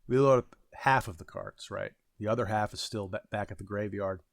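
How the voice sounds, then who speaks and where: A man's voice: fairly low pitch, a little fast, vocal fry, dry recording, clean studio sound. A man in his thirties casually telling a rambling, self-deprecating story about his retail job, with frequent fillers and restarts. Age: 30s. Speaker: vlogger.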